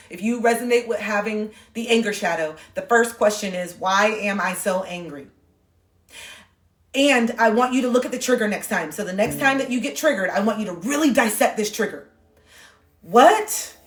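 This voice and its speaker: A woman hosting a casual livestream, talking in an animated, emphatic way with plenty of swearing. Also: a little high, reverberant, recorded from a distance. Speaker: livestream host. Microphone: phone.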